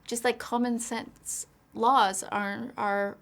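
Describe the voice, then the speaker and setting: A woman's voice: a little high, steady tone, slow pace, gravelly. An actress being interviewed about her film, answering reflectively and at length in a candid way. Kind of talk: press junket interview.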